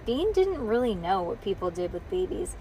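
A woman reading a children's book aloud in a lively read-aloud manner that stumbles now and then. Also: mid-range voice, normal speed, slight background noise. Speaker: storyteller.

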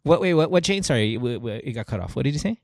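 A man hosting a radio show, chatting in a lively, excitable way and laughing often. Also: medium pitch, fast, gravelly. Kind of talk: casual chat.

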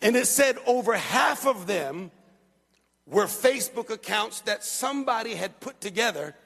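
A man's voice: very high voice, a bit bright. A male pastor preaching an emphatic, repetitive sermon in a church. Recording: long church-hall reverb.

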